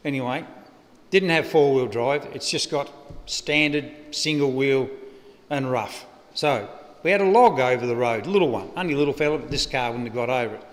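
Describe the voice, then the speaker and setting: A man's voice: mid-range voice, normal speed. A man with an Australian accent giving a eulogy, spinning a rambling, humorous yarn at a lectern microphone. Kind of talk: eulogy anecdote. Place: funeral service venue. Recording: echoey funeral hall.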